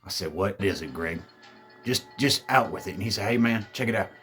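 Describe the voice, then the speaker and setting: A man's voice: on the low side, lively intonation, a little fast, pushed and bright, faint music behind. A man telling a spooky party story in a laid-back, drawling, heavily profane way, acting out his friends' lines. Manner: laid-back, drawling, swears a lot, acts out quoted friends.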